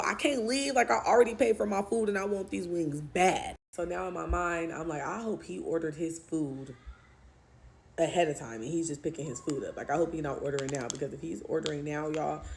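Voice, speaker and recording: A young woman telling a storytime story in a casual, profane, animated way. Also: on the low side, brisk, gravelly.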